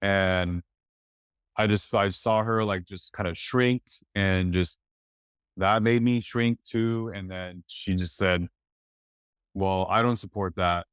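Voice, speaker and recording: A man from East Los Angeles, a podcast guest telling a personal story in a reflective, halting way full of "like". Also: on the low side, fairly even intonation, fairly bright tone, clear, resonant tone, no room sound, studio quality. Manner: reflective, halting, many "like" fillers.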